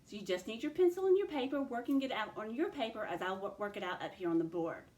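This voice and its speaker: A woman's voice: fairly high pitch, expressive, a little mellow, reverberant. A woman teacher taking young pupils through a phonics lesson, sounding out and stretching words. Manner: slow, stretched-out word sounding.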